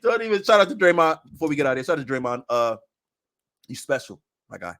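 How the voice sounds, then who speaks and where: A man on a podcast in casual chat about basketball, animated and repeating phrases for emphasis. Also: fairly high pitch, quick pace.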